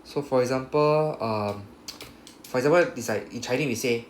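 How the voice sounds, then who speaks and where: A man's voice: mid-range voice, normal speed. Guy teaching a language class, patient, keeps asking right?, echoey room with faint hum. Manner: patient, repetitive, checks understanding with "right?". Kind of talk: classroom grammar explanation.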